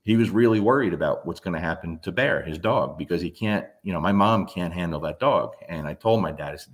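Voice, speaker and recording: A man in his fifties with a very low, deep voice tells a story in a blunt, emphatic way. He swears freely and keeps hammering his points home in casual talk. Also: a little fast, hardly any pauses. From New Jersey. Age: 50s. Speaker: dog trainer.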